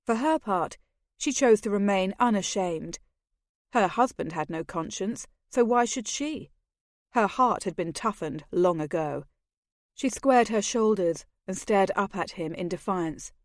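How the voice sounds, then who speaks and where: A woman narrating a romance audiobook in a measured storytelling manner. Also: mid-range voice, animated, dry recording, clean studio sound. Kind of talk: scripted narration.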